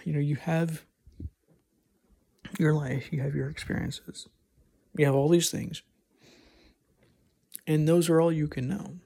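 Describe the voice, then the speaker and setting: A man's voice: on the high side, fairly even intonation, a little slow, creaky, long pauses, mellow. A man talking alone on a casual podcast, thinking aloud and rambling with frequent restarts. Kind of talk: casual solo monologue.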